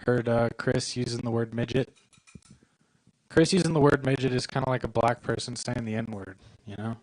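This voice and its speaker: Low-key male stand-up comic. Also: steady tone, normal speed, no echo, rough recording. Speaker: stand-up comedian. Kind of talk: stand-up set. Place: comedy club stage.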